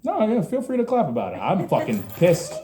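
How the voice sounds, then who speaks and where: A man's voice: sits high, huge pitch swings, a little fast, a crowd in the background. A man in his twenties doing open mic stand-up, with crude, ranting, self-mocking jokes. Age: 20s. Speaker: stand-up comedian. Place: small comedy venue.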